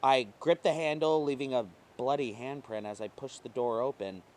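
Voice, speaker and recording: A man reading a first-person short story aloud, emotive and swinging between quiet passages and intense ones. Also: medium pitch, normal speed. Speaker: reader.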